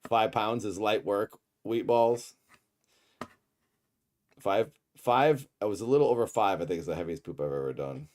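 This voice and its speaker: Deep-voiced joking livestream host. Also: male voice, moderate pace, darkish tone. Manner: rambling, jokey, reads chat aloud. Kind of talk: casual livestream chat, reacting to a show.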